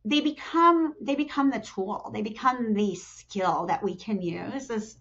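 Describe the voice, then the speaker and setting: Lively woman guest on a podcast. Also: measured pace. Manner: animated storyteller, acts out quotes with jumps in pitch; frequent restarts and "you know". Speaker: talent development executive, podcast guest. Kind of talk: conversational interview. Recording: dull lo-fi podcast audio.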